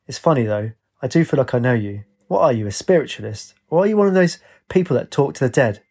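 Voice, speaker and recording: A man's voice: mid-range voice, animated, fast, darkish tone, husky. A man playing a sarcastic homeless ex-soldier. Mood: sardonic. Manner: blunt, sarcastic, mumbling.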